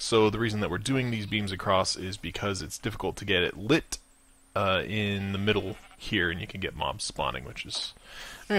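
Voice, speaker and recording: Gaming host, chatty storyteller with a bright, sharp tone and lively swings in pitch. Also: male voice. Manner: chatty, retelling a story loosely while playing; animated, jumps into excited outbursts at enemies. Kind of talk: casual gameplay commentary.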